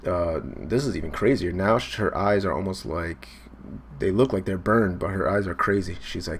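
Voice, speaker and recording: A man's voice: sits low, normal speed, slight background noise. A young man hosting a casual live manga reaction, laid-back and full of fillers as he recaps and reads panels aloud. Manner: laid-back, filler-heavy, briefly acting out character shouts.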